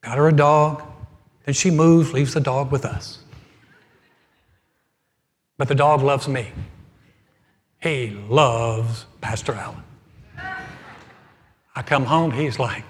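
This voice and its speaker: A middle-aged man preaching as pastor, telling a humorous story with animated swings from loud to soft. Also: medium pitch, a little slow, pauses often. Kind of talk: humorous sermon. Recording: hall reverb.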